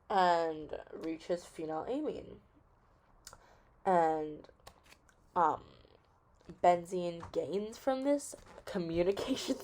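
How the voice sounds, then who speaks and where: Chatty young woman with lively pitch. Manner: chatty and playful, lots of fillers, thinks aloud. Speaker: student explaining chemistry. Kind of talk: casual study explanation as a story.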